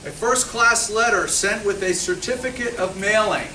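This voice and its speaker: Brief: male speaker, joking with a room of listeners, higher voice, heard from a distance with background noise. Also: normal speed, roomy sound. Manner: joking, self-deprecating, chatty with the audience. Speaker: legal counsel speaking at a luncheon. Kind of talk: live talk with audience questions. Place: luncheon function room.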